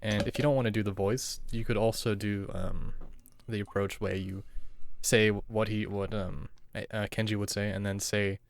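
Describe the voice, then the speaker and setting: A man's voice: on the low side, little pitch movement, moderate pace. A man co-hosting a podcast in casual chat, joking and teasing his partner. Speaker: podcast co-host.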